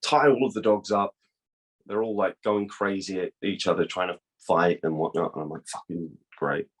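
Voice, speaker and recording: Young guy telling a creepy story, cussing a lot, fairly low voice, doing the voices of people in it. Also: normal speed. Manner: profane, animated, acts out quoted dialogue. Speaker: guest. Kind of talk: casual storytelling.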